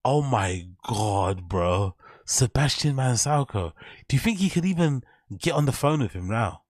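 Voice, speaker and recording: A man hosts a commentary channel, rambling over clips with mocking, profane reactions in a casual style. He speaks at medium pitch and normal speed with animation, in clean studio sound free of room noise.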